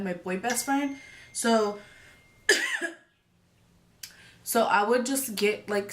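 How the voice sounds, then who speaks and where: A woman's voice: mid-range voice, a bit bright. Young woman, casual storytime vlogger, rambling and chatty, acts out quotes. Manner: chatty, full of fillers like "like" and "you know".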